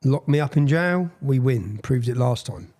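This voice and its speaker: A man's voice: medium pitch, expressive, normal speed, darkish tone. A man with an English accent giving a TV interview, speaking in a defiant, emphatic way and repeating phrases for weight.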